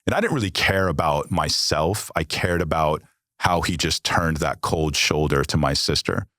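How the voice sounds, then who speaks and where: A man's voice: extremely low pitch, moderate pace, fairly bright tone, dry recording, studio quality. An American man, a podcast guest, candidly telling a personal story with blunt, frequently profane language. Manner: blunt, heavy swearing.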